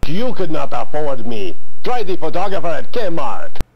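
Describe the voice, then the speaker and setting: A sleazy, haughty photographer with a bad fake French accent and a raspy, gravelly voice. His pitch is high and swings widely. The dialogue is dismissive, 1990s video game voice acting. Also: big pitch swings, unhurried, full character voice.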